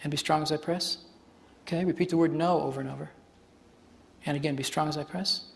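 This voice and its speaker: A man's voice: fairly high pitch, steady tone, fast, vocal fry. A man facilitating a live workshop demonstration on stage before an audience, explaining in a chatty way and laughing often.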